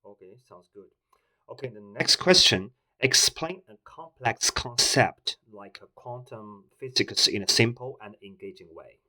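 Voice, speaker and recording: Hesitant man with bright tone. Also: medium pitch, animated, unhurried, poor audio. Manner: hesitant, with many fillers. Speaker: tech reviewer host. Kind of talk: casual talk to a voice assistant.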